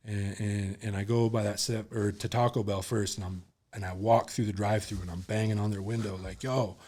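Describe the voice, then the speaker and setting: A man's voice: lowish voice, little pitch movement, a little fast, darkish tone. A man, a podcast guest, telling a candid personal story in a rambling, casual way full of fillers.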